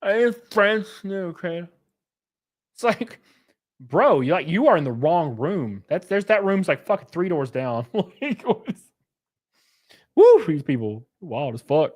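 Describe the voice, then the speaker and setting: Higher-voiced man ranting on a livestream. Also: big pitch swings, a little slow, slightly rough. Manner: profane, rambling, chuckling often; swings between loud bursts and quiet mutters. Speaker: streamer hosting his own show. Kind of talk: casual livestream rant.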